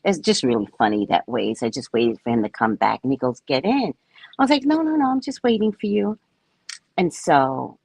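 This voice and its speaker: A woman's voice: low-pitched, a little mellow, husky, no room sound. A woman host telling a personal story in casual talk, acting out both sides of the dialogue. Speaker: podcast host.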